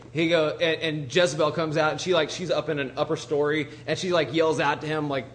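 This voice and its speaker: A man's voice: on the high side, steady tone, brisk, a bit bright. A man preaching, retelling a Bible story in an informal, conversational way with frequent asides and restarts.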